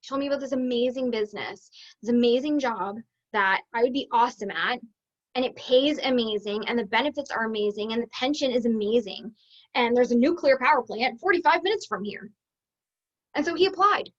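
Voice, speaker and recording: A woman with a high voice tells a personal story to her viewers, chatty and expressive. The recording sounds a little dull and lo-fi. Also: brisk. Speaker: business coach.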